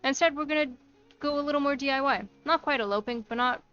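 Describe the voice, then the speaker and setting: A woman's voice: sits high, fast, a bit bright, highs cut off, voice pushed up. A woman reading a flustered, chatty young bride-to-be from a game. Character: nervous young bride-to-be planning a DIY wedding. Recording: faint music behind.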